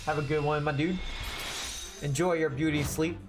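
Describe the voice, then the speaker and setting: A man's voice: a little high, steady tone, moderate pace. A man casually commenting while streaming a story game, chatty and self-mocking. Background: game music.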